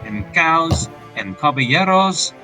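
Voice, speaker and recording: A man's voice: a little high, animated, sharp tone, soft background music, full character voice, rough recording. A man voicing a flamboyant young male fox prince in a put-on Spanish accent, grandiose and theatrical. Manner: grandiose, theatrical, drawn-out words.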